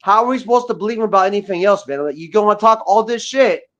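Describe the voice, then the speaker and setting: Profane ranting man, high voice. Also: quick pace, fairly bright tone. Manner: profane, repetitive, combative. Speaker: guest rapper. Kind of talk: livestream rant. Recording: dull lo-fi audio.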